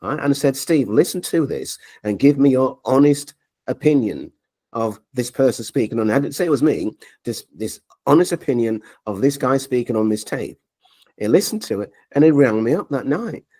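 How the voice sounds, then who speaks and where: A man in his forties tells stories as an interview guest, his pitch leaping up and down as he acts out who said what. He talks with lively animation. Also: normal speed. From Leeds, England. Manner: animated storyteller, acts out quoted dialogue. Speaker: interview guest, media coach. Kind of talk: storytelling interview.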